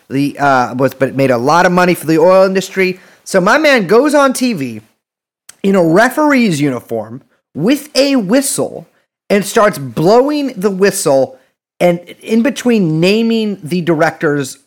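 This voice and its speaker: Guy on a podcast rambling through history, cracking jokes and cursing, lots of false starts. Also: high voice. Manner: rambling, jokey, many restarts and profanity. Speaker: podcast co-host. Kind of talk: casual chat.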